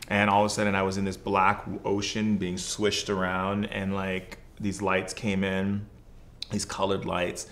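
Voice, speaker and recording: A deep, slightly bright male voice speaks unhurriedly with a completely flat delivery. He's a shaman appearing as a podcast guest, sharing a personal story in casual conversation, loose and earnest, full of "like" and "you know."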